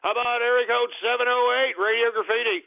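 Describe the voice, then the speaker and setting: A man's voice: extremely high pitch, little pitch movement, quick pace, creaky. A man hosting a call-in radio show, ranting profanely and sounding exasperated at his callers. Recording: tinny phone-like sound.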